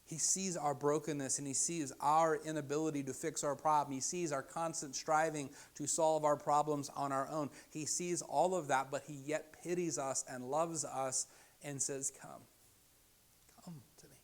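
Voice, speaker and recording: A young adult man preaching a sermon as pastor, moving from hushed, soft-spoken lines to raised, emphatic ones. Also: a little high, steady tone, moderate pace.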